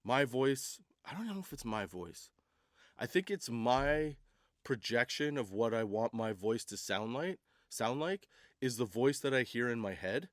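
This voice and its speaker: A man's voice: mid-range voice, lively intonation, measured pace, dry recording, studio quality. A man hosting a comedy podcast, rambling through a casual monologue with laughs and restarts. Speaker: podcast host.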